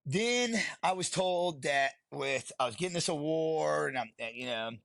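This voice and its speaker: Man, gravelly, forceful, blunt and profane, candid interview storytelling, dry close mic. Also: a little high, expressive, moderate pace, dry recording. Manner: blunt and heavily profane, laughs while telling stories. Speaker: podcast guest, retired Marine sergeant.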